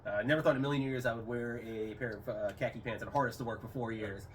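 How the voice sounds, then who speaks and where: A man's voice: medium pitch, quick pace. A middle-aged man, a retired airman, telling rambling stories in a casual interview. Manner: rambling, animated quoting with raised voice. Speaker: interview guest, retired Air Force. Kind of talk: casual storytelling. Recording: slightly distant mic, faint room noise.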